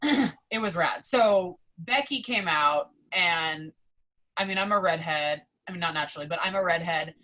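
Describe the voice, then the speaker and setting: A young adult woman, a podcast guest, telling a story in a casual, excitable way, swearing often and filling her talk with "like". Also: on the low side, normal speed. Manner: excitable, profane, heavy use of "like".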